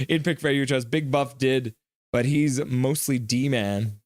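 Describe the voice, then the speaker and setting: Young guy, livestream host, jokey chat banter, ordinary pitch, dry close sound. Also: slow pace, no room sound. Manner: joking, excitable, banters with chat. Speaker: live-stream host. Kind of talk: live reaction stream commentary, reading chat.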